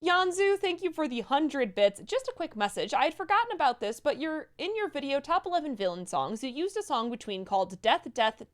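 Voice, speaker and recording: A woman co-hosting a casual livestream chat, reading out viewer messages. Her voice is a little high and swings up and down with animated energy, and she breaks into quick laughs between lines. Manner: reads donor messages aloud with quick laughs.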